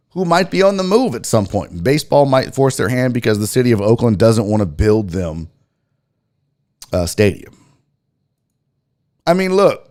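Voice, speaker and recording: A middle-aged man hosting a sports talk show, rambling casually with profanity and self-mockery. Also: fairly high pitch.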